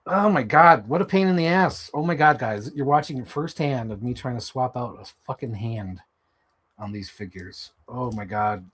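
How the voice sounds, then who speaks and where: Swapping parts between toy figures on a casual live stream, a man chats animatedly at a moderate pace with a breathy edge, cursing and leaping into high-pitched mocking voices.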